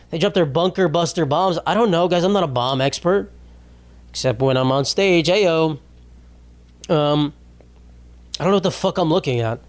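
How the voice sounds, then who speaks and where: A young adult man hosting a podcast, rambling in a crude, sarcastic comedic monologue. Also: on the high side. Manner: crude, sarcastic, rambling with mocking put-on voices. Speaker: podcast host.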